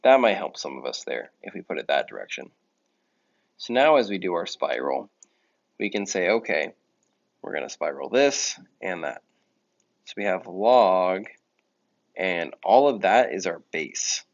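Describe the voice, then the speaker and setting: Male math teacher, low gravelly voice, relaxed self-correcting explainer, muffled recording. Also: a little slow, long pauses. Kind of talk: recorded classroom lesson. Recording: dull lo-fi audio.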